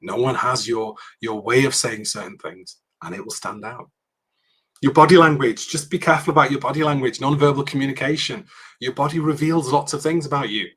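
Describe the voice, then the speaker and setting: A man delivers a public speaking workshop to students in a lecture room. His voice is bright and a little husky, and he talks in a loose, conversational way, often checking in with "okay" and restarting his sentences. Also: mid-range voice, fairly quick. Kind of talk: university workshop talk.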